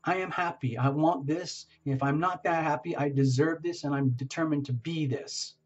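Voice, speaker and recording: A man's voice: a little high, dull audio, close to an everyday voice. A man acting out a fired-up eager client. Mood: determined. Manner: excited, boastful, rushing.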